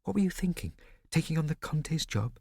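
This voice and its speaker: A man's voice: a little high, sing-song, normal speed, gravelly, a little mellow, breathy edge, no echo, studio quality, pitched above the performer's own voice, heavily acted. A man reading an audiobook, voicing a wary, protective teenage older brother who speaks bluntly and accusingly.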